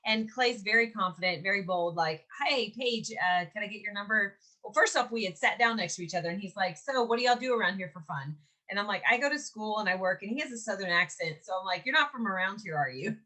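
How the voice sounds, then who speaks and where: A woman in her forties, originally from Mississippi, tells a personal story as a podcast co-host. Her voice is bright and forward. She talks casually, slips into acted quotes and laughs as she goes. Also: medium pitch, fast talker. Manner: animated, laughs often, acts out quotes.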